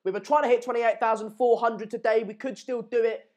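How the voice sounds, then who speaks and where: A young man with a noticeably high voice hosts a live football stream. He breaks off his play-by-play to read viewer comments aloud, keeping the banter loose and chatty. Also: fairly even intonation, brisk, a little mellow, highs cut off. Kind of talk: live match watchalong commentary.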